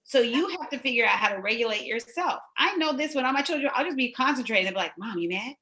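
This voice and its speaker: A woman's voice: high-pitched, expressive, fast talker, noisy background. A middle-aged woman co-hosting a conversation, speaking in an engaged, affirming way. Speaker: co-host. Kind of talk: conversational talk.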